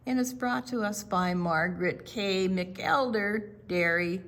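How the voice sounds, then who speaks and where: An older woman reading a children's picture book aloud at a library story time. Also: medium pitch. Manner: slow, animated read-aloud. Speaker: storytime reader.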